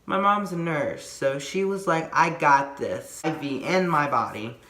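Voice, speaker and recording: A man's voice: on the high side, expressive, normal speed, sharp tone, reverberant. A man telling a casual storytime, rambling with lots of fillers and restarts. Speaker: vlogger.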